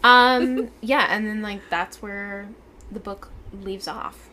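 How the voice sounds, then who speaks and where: A woman's voice: mid-range voice, fairly even intonation, takes it slowly, sharp tone, a little hiss or hum. Chatty woman co-hosting a book club. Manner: laughing, chatty, trailing off with ums and likes. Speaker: book club podcast co-host. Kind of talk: casual chat.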